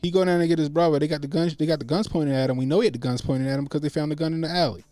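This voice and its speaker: Casual streamer, man, animated and profane, dry close mic. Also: fairly high pitch, racing, no room sound. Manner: animated, profane, acts out quotes. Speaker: host. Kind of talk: casual livestream commentary.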